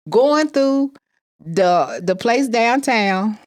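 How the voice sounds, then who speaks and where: A woman's voice: mid-range voice, expressive, normal speed. A woman telling a personal story with emphatic repetition, acting out the people she quotes. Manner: emphatic, repeats phrases, acts out quoted voices.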